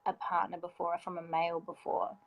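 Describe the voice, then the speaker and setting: Casting note: woman in her thirties, lowish voice with gravelly fry, candid and emotional. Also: completely flat delivery, brisk, dull audio. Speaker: guest. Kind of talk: personal storytelling in casual chat.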